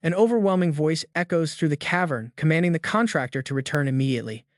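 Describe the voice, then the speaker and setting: A man narrating a scripted story recap in a steady, dramatic storytelling delivery. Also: a little high, fast talker, dry recording, studio quality.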